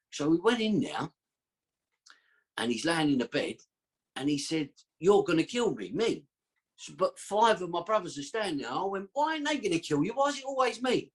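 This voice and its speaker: A husky, high-leaning male voice carries a podcast guest's long, rambling tale. He tells it casually, full of slang and streetwise phrasing.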